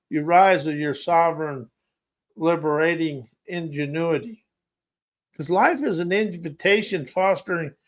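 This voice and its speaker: Slow, poetic high-voiced man. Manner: slow, rhythmic, poetic delivery with listed words. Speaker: podcast host. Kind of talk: spoken-word motivational monologue.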